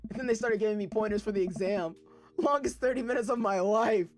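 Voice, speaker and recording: Here a fast-talking young adult with a medium-pitched voice narrates a dating game's dialogue for a let's play, faint music playing behind. He reads the text aloud and jokes around loosely, swearing and laughing as he goes.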